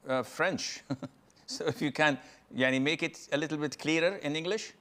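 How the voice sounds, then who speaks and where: A male scholar answers a caller's religious question, explaining calmly and step by step. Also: a little high, moderate pace. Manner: calm, step-by-step teaching.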